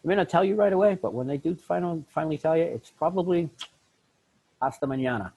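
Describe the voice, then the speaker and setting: Gravelly middle-aged man, blunt and animated. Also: on the high side, fast, muffled recording, slight background noise. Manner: animated, blunt, laughs often, acts out voices in his stories. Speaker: podcast guest. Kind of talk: candid conversational self-help talk.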